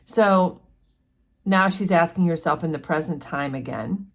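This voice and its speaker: A woman with a low, relaxed voice walks through a book chapter in a chatty teaching manner. She pauses often with fillers and talks the story over casually. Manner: chatty, explanatory, many fillers. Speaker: book study host.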